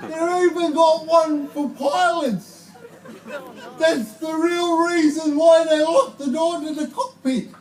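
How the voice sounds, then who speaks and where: An Australian man performing live stand-up comedy at an outdoor concert, with slow, deliberate delivery that breaks into shouted punchlines. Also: extremely high pitch, fairly even intonation, slight background noise. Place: outdoor protest concert stage. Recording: distant live concert mic with crowd laughter.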